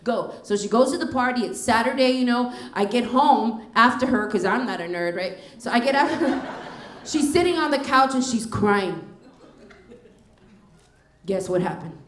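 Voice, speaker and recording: Middle-aged texas woman doing stand-up, high voice, echoey club room, acts out all the dialogue. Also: normal speed. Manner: animated storytelling, acting out dialogue. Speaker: stand-up comedian. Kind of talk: stand-up comedy set. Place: comedy club stage. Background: audience laughter.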